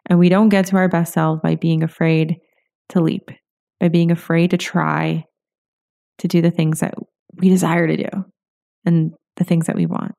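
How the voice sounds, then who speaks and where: A woman's voice: on the low side, flat delivery, moderate pace, vocal fry, long pauses, dark tone. A woman hosting a solo podcast as a coach, talking in a loose, encouraging way with lots of "you know" and "like".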